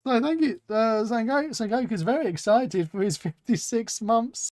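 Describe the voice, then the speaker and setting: A man's voice: extremely high pitch, moderate pace, darkish tone, no echo. A man hosting a live stream, chatting casually and reading out chat with self-mocking humor. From England.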